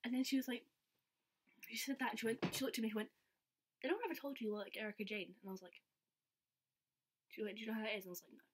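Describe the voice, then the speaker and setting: A woman's voice: a little high, steady tone, rapid-fire, pauses often, husky. A young woman telling a story to camera in a chatty way, full of "like" and acted-out quotes. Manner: chatty, says "like" all the time, acts out quotes. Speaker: vlogger. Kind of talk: casual storytelling.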